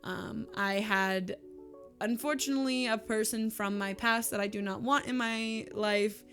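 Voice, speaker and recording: Girl vlogging, all gushy and teary, laughs a lot, soft music behind. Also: a little high, steady tone, a little slow. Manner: emotional, gushing, laughs often. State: tearful. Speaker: YouTuber and streamer. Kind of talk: casual monthly vlog chat.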